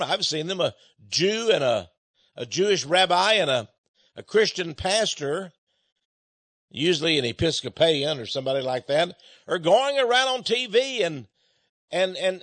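A man preaching a sermon in an animated way, often repeating his words and chuckling as he speaks. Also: a little high, dry recording.

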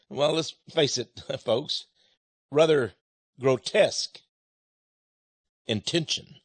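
A man preaching a sermon in an animated way, often repeating his words and chuckling as he speaks. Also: high-pitched, slow, long pauses, no room sound.

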